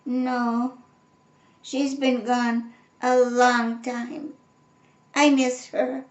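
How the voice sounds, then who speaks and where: An eager little boy bear cub, high and childlike, plaintive when he speaks, as a grandmother puts him on. The reading is slow and unhurried, recorded in a roomy space with a clear echo. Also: level tone, dull audio. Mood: sad.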